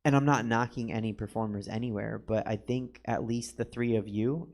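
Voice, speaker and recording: A man's voice: lowish voice, steady tone, a little mellow. A man hosting a casual studio interview as a drag performer, joking and teasing his guest. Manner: joking, teasing, quick asides. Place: studio in a comedy theater.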